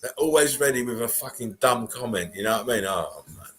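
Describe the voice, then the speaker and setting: A man's voice: mid-range voice, expressive, fairly quick, rough recording. A man with an English accent talking casually and bluntly as a livestream host, rambling and swearing as he comments.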